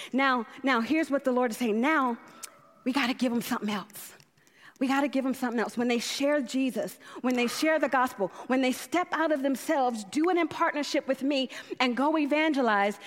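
A woman preaching with fervent, exhorting energy, her voice pitched high. She repeats phrases for emphasis, driving each point home. The sound carries a long reverb from a large church hall. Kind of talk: sermon. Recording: echoey hall.

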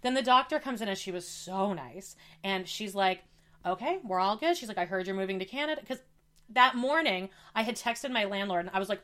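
Animated young woman telling a story. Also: medium pitch, brisk. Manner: animated storytelling, acts out quoted dialogue. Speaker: podcast co-host. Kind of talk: casual chat.

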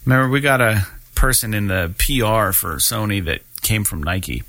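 On a casual gaming news podcast, a man with a lowish, somewhat bright voice talks at a normal pace, recorded without echo. His delivery wanders, heavy on swearing and fillers.

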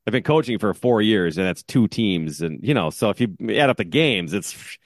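A man's voice: on the low side, animated, moderate pace, dry recording, clean studio sound. A man co-hosting a podcast, telling a self-mocking rant in casual chat. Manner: self-mocking, ranting storyteller. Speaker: podcast co-host.

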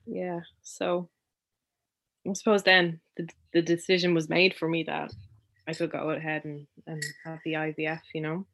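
A woman's voice: low voice, little pitch movement, normal speed, a bit bright. A young adult woman, a guest telling a personal story in a chatty way, with many ums and restarts.

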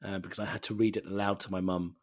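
A man from East London, a native Bengali speaker, telling animated, self-mocking stories as a guest in a casual interview. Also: sits low, quick pace. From East London, England. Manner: animated storytelling, laughs often, self-mocking.

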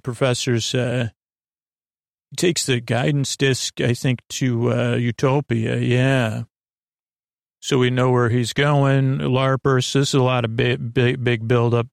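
A man hosting a sleep podcast, recapping an episode in a drowsy, meandering, deadpan way with lots of fillers. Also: mid-range voice, slow, gravelly, dry recording, clean studio sound. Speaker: podcast host.

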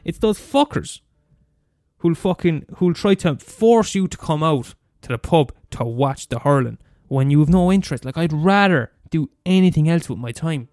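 A man's voice: a little high, expressive, moderate pace, a little mellow, no room sound, studio quality. Exasperated sweary Limerick Irish man. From Limerick, Ireland. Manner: profane, exasperated, full of restarts and repetitions. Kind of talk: comedic rant monologue.

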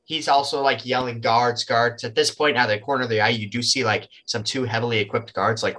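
A man's voice: medium pitch, bright, forceful tone. A man running a tabletop game as game master, narrating loosely with lots of fillers.

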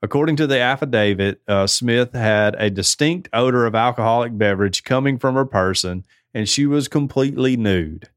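A podcast host with a mid-range voice reads odd news headlines aloud, then riffs on them in a laid-back way, chuckling as he goes. The recording is dry and studio quality.

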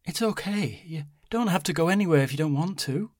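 A man voicing a caring young woman who speaks softly and soothingly to her grandmother. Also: fairly high pitch, lively intonation, brisk, no echo, studio quality, voice pushed up. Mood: gentle concern. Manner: soft, soothing, reassuring.

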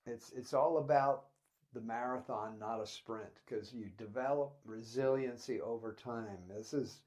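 A man's voice: medium pitch, measured pace, darkish tone. A man co-hosting a casual chat show, agreeing readily and adding his own points. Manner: agreeable, backs up his partner with frequent yeahs. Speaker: podcast co-host.

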